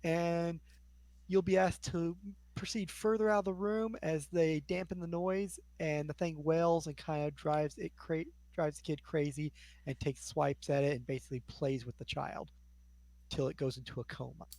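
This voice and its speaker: A man's voice: on the high side, fairly even intonation, moderate pace, darkish tone, dry recording. A man acting as game master, narrating scenes in a casual tabletop role-playing session. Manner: casual, describing scenes at length.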